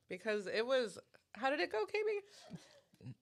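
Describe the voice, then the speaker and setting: A woman co-hosting a podcast in casual chat, teasing the others and giggling as she recaps. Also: high voice. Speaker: podcast co-host.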